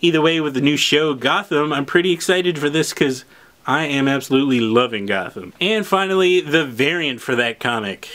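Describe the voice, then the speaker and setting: Excitable man unboxing comics. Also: fairly high pitch, normal speed. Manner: excitable, chatty, addresses viewers directly. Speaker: comic shop host. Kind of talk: casual product unboxing.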